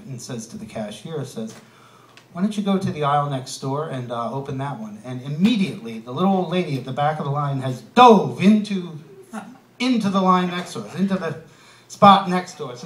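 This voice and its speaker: A man's voice: on the high side, fairly bright tone, echoey room. A man doing a stand-up comedy set, punchy and wry, throwing asides to the crowd. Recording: live club room, mic heard from a distance. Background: audience laughter.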